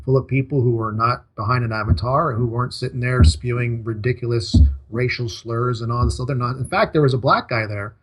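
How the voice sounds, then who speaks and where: A man's voice: mid-range voice, a little fast, hardly any pauses. A man talking as an interview guest, emphatic, in short punchy sentences. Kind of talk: casual interview talk.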